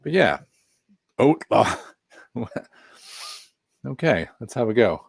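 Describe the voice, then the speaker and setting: A man's voice: mid-range voice, big pitch swings, takes it slowly, vocal fry, breathy edge, no echo, studio quality. A man casually reviewing a craft beer on a live stream, chatting in a rambling way with self-deprecating asides while reading viewer comments.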